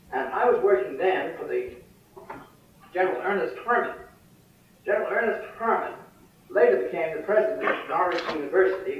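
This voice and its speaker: A man's voice: on the high side, slight background noise. Older man, wry storytelling in an echoey hall. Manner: wry storytelling, dry humor. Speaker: speaker at a foreign affairs forum. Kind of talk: after-dinner speech with war anecdotes. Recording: distant, dull, echoey hall recording.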